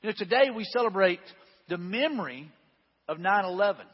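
Pastor preaching in a reverberant hall. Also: male voice, sits high, lively intonation, fairly quick, husky. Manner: conversational, folksy asides with restarts. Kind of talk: sermon reading scripture and commenting. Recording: dull sound with long hall reverb.

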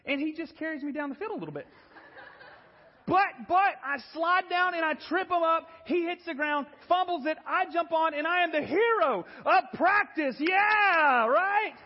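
Animated pastor in an echoey hall. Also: male voice, high-pitched, slightly rough, dull audio. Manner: animated, self-deprecating, acts out quotes. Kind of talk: sermon with storytelling. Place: church.

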